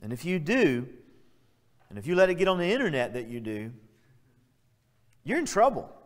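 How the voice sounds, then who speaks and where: A man's voice: fairly high pitch, very animated, normal speed. A male pastor preaching a sermon, earnest and emphatic, stressing key words as he builds his point. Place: church sanctuary. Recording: church hall reverb.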